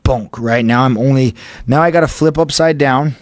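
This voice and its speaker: A man's voice: mid-range voice, moderate pace, no echo, clean studio sound. A man telling a near-death story as a podcast guest, profane and intense, replaying his own panic. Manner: profane, breathless retelling of a panic.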